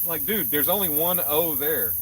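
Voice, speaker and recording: A relaxed, joking man with a slightly higher voice hosts a fishing stream outdoors at night. He sits a little off the mic, with insects faint in the background. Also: moderate pace, distant mic, a little hiss or hum, low-quality recording. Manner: relaxed, joking, reads out chat comments. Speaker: fishing livestream host. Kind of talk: casual chat reading out viewer comments.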